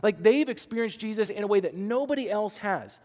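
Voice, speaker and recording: A man's voice: high-pitched, animated, fairly quick, a little mellow, big-room sound. A man preaching a sermon, talking conversationally and asking the congregation rhetorical questions. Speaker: pastor.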